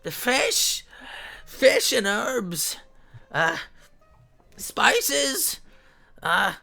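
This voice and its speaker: A man voicing a hunched old male street peddler who hawks his wares loudly and insistently. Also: extremely high pitch, wildly swooping pitch, extremely slow, gravelly, faint music behind, voice pushed up, exaggerated voice. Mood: pushy hawking. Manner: loud hawking, insistent.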